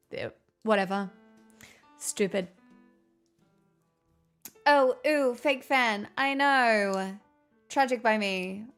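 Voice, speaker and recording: Slow, gravelly woman streamer in a put-on transatlantic accent. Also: medium pitch, fairly bright tone. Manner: chatty, self-mocking, swears casually. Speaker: live streamer greeting chat. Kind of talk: casual live-stream chat.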